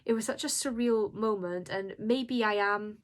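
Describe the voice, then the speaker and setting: Woman horror author vlogging to camera; emotional, rambling, keeps apologizing, mid-pitched voice. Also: a little slow. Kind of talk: casual vlog talk.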